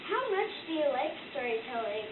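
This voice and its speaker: A young third-grade girl reporter who reads her questions shyly and haltingly in a school library. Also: high voice, big pitch swings. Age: child, third grader. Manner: shy, halting, giggly. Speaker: student reporter. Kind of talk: reading interview questions. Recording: tinny, distant, echoey and noisy.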